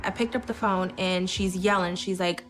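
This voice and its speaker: A young woman recounting events in a measured, earnest way as an interviewee in a true crime documentary. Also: on the low side, fairly even intonation, faint music behind. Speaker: interviewee, victim's daughter.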